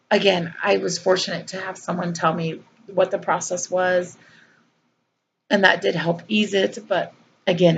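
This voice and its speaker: A woman's voice: fairly low pitch, creaky, muffled recording, slight background noise. A woman vlogger, earnestly telling a personal story in a conversational way with fillers and repeats.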